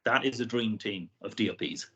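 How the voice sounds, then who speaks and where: A woman's voice: a bass voice, normal speed, a bit bright, a little hiss or hum. A woman with an Irish accent interviewing a filmmaker at a festival, wry and joking. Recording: slightly muffled recording.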